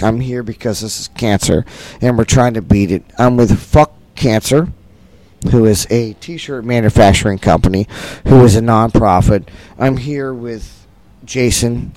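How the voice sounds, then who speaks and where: A man's voice: mid-range voice, a little mellow, no room sound. A middle-aged man, a concert producer, talking earnestly and repetitively in a festival interview.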